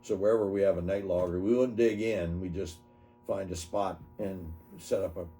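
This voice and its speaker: Gravelly old man telling war stories. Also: sits low, steady tone, warm tone, soft background music. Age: 70s. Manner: halting, self-correcting storytelling. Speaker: army veteran interviewee. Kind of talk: oral history interview.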